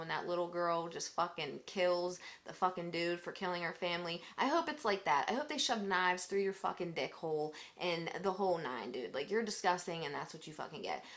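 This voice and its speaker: A woman's voice: mid-range voice, fairly bright tone. Young woman, vlogger, casual profane storytelling, heated, heavy on "like".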